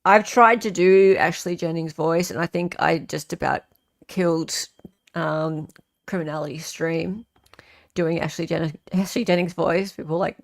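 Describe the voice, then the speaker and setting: Aussie woman ranting on her stream, unhurried and a bit gravelly, reading out chat. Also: lowish voice, steady tone. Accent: Australian. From Australia. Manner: chatty, ranting, reads viewer comments aloud. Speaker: livestream host. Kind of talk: casual livestream chat and commentary.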